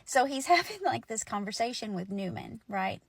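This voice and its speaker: A woman's voice: a little high, very animated, moderate pace, creaky, breathy edge, no room sound. A woman in her forties telling a personal story in a chatty, emotional way, with lots of fillers. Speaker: storyteller host.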